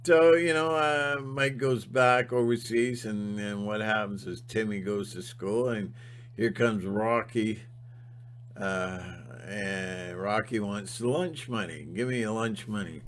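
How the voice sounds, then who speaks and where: A man giving a rambling spiritual monologue, halting and restarting often. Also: on the low side, a bit bright, a little hiss or hum. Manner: halting, full of fillers and restarts. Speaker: channel host.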